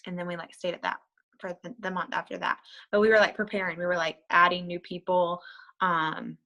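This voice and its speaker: A woman telling her business setback story in an interview, candid and chatty, full of "like" and "you know", leaping up in pitch to act out her past self. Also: little pitch movement, brisk, pushed and bright, rough recording. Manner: acts out her past self with sudden high-pitched bursts. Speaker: interviewee, network marketer.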